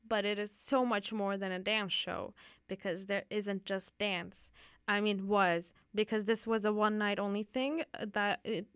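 Young female radio host, chatty and giggly, slow easy delivery, clean dry studio sound. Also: medium pitch, smooth, dry recording. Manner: giggly, rambling, full of fillers and self-corrections. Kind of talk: casual theater review chat.

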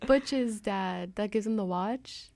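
A woman's voice: mid-range voice, slow, darkish tone, no room sound, clean studio sound. A young woman co-hosting a casual book discussion, speaking hesitantly and unsure of herself. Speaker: podcast co-host.

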